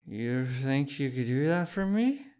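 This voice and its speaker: A man voicing a centuries-old being stuck in a drunk old man's body, talking carelessly and a bit loud. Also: medium pitch, sing-song, unhurried, smooth, pitched above the performer's own voice. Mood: tipsy. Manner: slurred, careless.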